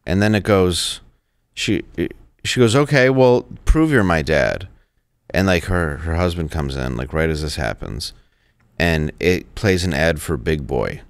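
A man telling a story in casual studio chat, halting and repeating words, quoting people as he goes. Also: deep voice, expressive, clear, resonant tone, no room sound. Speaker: show regular telling a story.

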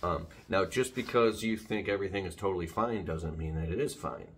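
A very low-voiced man talking into his phone at home, wandering from thought to thought. He restarts his sentences and drifts off topic. A faint hiss sits under the recording. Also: a little fast. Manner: rambling, jumps off topic, many restarts. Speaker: vlogger. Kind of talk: casual rambling vlog. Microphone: phone camera.

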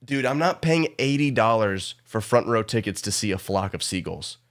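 A young man streaming a casual reaction to an album, excitable, swearing often and joking. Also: on the low side, moderate pace. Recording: faint pop music underneath. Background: pop music playing.

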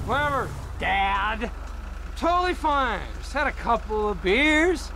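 A man's voice: extremely high pitch, expressive, unhurried, creaky, bright, forceful tone, heavily acted. An actor playing a boisterous, slurring drunk young man in a video game. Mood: drunken. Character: drunk rowdy young male partier. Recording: game audio with street noise.

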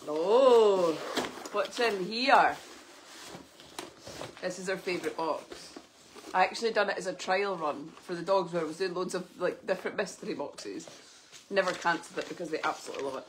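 A woman in her thirties, teary and soft-spoken as she chats through opening parcels live. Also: on the low side, fast, slight background noise. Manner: tearful, soft-spoken, sniffly. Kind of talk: emotional live unboxing chat.

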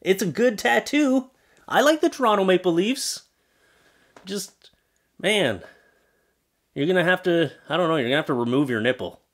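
A man's voice: high voice, lively intonation, moderate pace, long pauses, a bit bright. A man doing comedic commentary on pictures, sarcastic and wisecracking, swearing casually as he roasts what he sees. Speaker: YouTube commentator.

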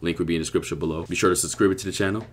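A young man giving crude, excitable reaction commentary with loud outbursts. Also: deep voice, racing, slightly rough. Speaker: YouTube reactor.

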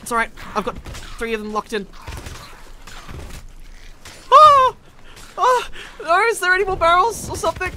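A man hosting a casual gameplay video, excitable, laughing often and swinging between mumbles and shouts. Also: very high voice, moderate pace, pauses often, very noisy. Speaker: gaming video host.

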